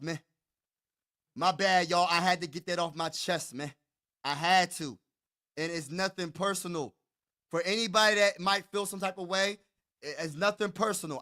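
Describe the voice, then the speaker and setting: A man's voice: a little high, sharp tone. A man hosting a sports show, ranting as an emphatic, hyped fan, with stammering restarts and lots of repetition.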